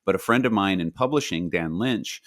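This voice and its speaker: A man answering interview questions about his animated series in a casual, halting way, full of fillers and restarts. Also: low-pitched, no room sound, studio quality. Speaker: guest, animated series creator.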